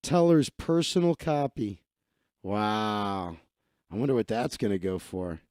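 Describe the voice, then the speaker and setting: A man's voice: fairly low pitch, animated, measured pace, darkish tone, no room sound, clean studio sound. A man hosting a casual livestream, chatting in a rambling, profane and offhand way as he reads through his social feed. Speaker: livestream host.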